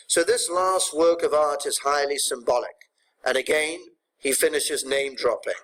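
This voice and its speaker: Brief: man, teacher's voice, fairly high, brisk and explanatory, checking in with students. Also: a little hiss or hum, low-quality recording. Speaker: English teacher. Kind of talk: recorded poetry lesson.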